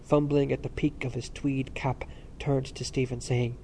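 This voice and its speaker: Man narrating with a mellow voice. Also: mid-range voice, slight background noise. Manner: steady, measured reading. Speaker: audiobook narrator. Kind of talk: scripted narration.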